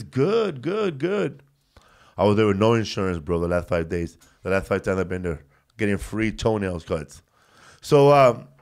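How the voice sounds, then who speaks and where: A man who hosts a comedy podcast, rambling through funny anecdotes in casual chat and saying "bro" constantly. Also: on the low side.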